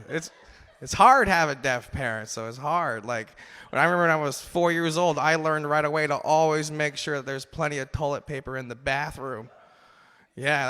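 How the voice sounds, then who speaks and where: A man in his twenties doing a loose, swearing stand-up set on a comedy club stage, shouting in the bits. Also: fairly high pitch. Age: 20s. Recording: live stage mic in long hall reverb.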